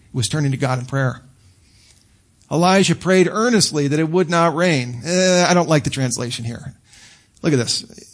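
A male pastor preaching a sermon in a conversational, animated way. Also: a little high. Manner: conversational and animated, acting out quotes with laughs.

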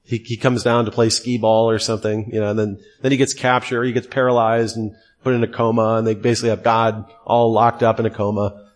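A man's voice: fairly low pitch, level tone, a little fast. A middle-aged man teaching a theology class, asking pointed questions and repeating key terms for emphasis.

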